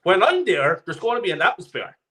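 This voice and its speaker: 40-something guy calling in, raging and swearing nonstop, very high voice that jumps all over. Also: big pitch swings, a little fast, pushed and bright. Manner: angry, profane, repetitive ranting. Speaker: caller. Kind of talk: ranting call-in chat.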